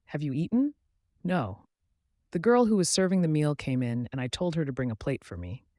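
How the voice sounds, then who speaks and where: A man reading a novel aloud as an audiobook narrator in a steady, measured way. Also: fairly high pitch, dry recording, studio quality.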